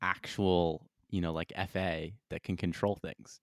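A young man co-hosting a podcast in casual chat, speaking in quick, agreeable bursts. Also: low-pitched, flat delivery, no echo, clean studio sound. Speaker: podcast co-host.

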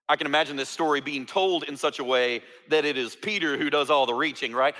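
A man's voice: a little high, a little fast, few pauses, pushed and bright. A man preaching a sermon, acting out quoted lines with jokey asides. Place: church sanctuary. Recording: reverberant church hall.

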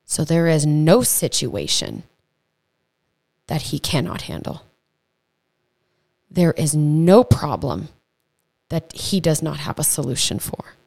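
A woman with a low, deep voice hosts a casual faith podcast. She teaches in a chatty, earnest way, stumbling over words and tossing in quick asides as she goes. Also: very animated, creaky, darkish tone. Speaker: podcast host. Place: home podcast setup.

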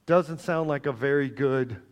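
Animated joking man preaching a sermon. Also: mid-range voice, measured pace. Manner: animated, joking, swings between loud and soft. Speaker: pastor.

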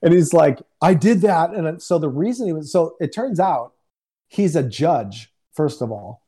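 A man, a guest minister on a video call, telling a testimony in a lively, joking way and acting out the quotes. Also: a little high, moderate pace, slightly rough. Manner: animated, joking, acts out quotes. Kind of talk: casual storytelling testimony. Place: home in Houston. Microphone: remote video call.

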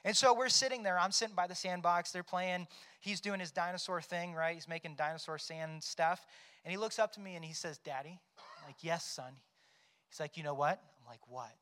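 High-voiced male pastor preaching. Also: a little fast, sharp tone, clear, resonant tone. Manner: conversational, tags points with "right?"; storytelling, acts out quoted lines. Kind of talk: sermon.

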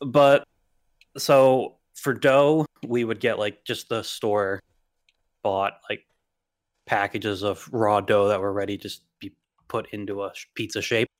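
A young man with a faint Long Island accent talks in a casual podcast debate, low in pitch and blunt, with plenty of swearing. His voice sits close and dry, with no room around it. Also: steady tone, measured pace, no room sound. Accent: slight Long Island. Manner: blunt, opinionated, swears freely. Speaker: podcast co-host.

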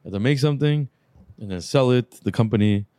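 A man's voice: medium pitch, fast talker, warm tone, dry recording. A man co-hosting a casual podcast, laid-back, swearing now and then and listing things off. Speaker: podcast co-host, car shop owner.

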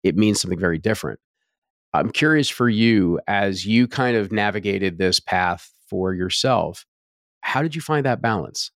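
Low-voiced guy hosting, slow thoughtful questions, dry close mic. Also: lively intonation, no echo. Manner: measured, thoughtful, reflective. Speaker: interview host. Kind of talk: reflective interview questions.

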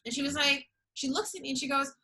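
A young adult woman telling a story in casual chat, expressive and acting out the quoted exchanges. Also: sits high, quick pace, poor audio. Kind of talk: animated storytelling.

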